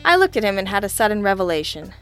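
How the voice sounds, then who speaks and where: A woman's voice: mid-range voice, sing-song, fast, soft background music. A woman narrating a first-person hard-boiled detective story in a wry, sardonic, teasing manner. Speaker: audiobook narrator.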